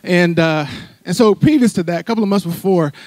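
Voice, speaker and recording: A man's voice: high voice, fairly quick, a little mellow, no room sound. A middle-aged man from Philadelphia preaching a sermon, conversational and full of "right?" asides. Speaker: church speaker. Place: church sanctuary.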